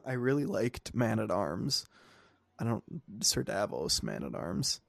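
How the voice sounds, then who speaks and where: A young man chats on a podcast, his voice gravelly with vocal fry. He gets heated and exasperated, ranting in a casual way. The sound is close and dry, with no room around it. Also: fairly low pitch, big pitch swings, slow pace, no echo. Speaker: podcast co-host.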